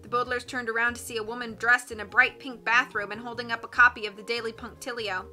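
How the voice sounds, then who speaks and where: A woman reading a children's novel aloud as an audiobook, in a steady, clear manner. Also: fairly high pitch, fast, hardly any pauses, soft background music. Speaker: audiobook reader. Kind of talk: audiobook narration.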